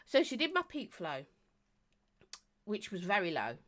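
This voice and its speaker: A croaky woman chatting casually on a live stream, reviewing vapes and greeting viewers in a chatty, self-mocking way. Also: mid-range voice, huge pitch swings, unhurried, a bit bright.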